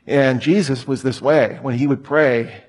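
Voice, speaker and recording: Guy in his 30s preaching, chatty and joking around, normal pitch. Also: steady tone, measured pace, darkish tone, breathy edge. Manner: casual, storytelling with humor. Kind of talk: conversational sermon.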